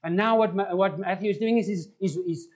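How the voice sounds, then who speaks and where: A man's voice: high-pitched, brisk, darkish tone. A man preaching a conversational sermon and putting questions to the congregation. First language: Afrikaans. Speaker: pastor.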